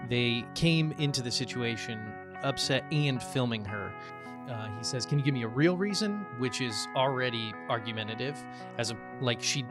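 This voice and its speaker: Rambling casual podcast host, man. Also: mid-range voice. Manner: loose, rambling, with fillers and swearing. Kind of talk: casual solo podcast talk.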